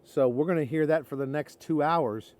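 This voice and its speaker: A man's voice: a little high, moderate pace, a little mellow. A man with an Oklahoma accent co-hosting a podcast outdoors beside a trailer, chatting in a laid-back way and calling people "dude" and "bud". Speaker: podcast co-host. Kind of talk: casual outdoor chat.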